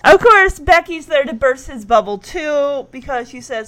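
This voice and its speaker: A woman's voice: high-pitched, a little slow, hardly any pauses, fairly bright tone. A woman casually recapping a sitcom episode, chatty and giggly, acting out the characters' lines.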